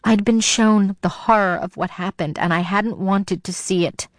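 A woman's voice: mid-range voice, normal speed, no echo. A woman narrating a suspense story in the first person, in a tense, dramatic storytelling manner.

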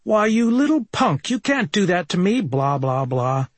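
A man's voice: mid-range voice, completely flat delivery, slow pace, no room sound. A man voicing an outraged middle-aged married man, blustering and indignant.

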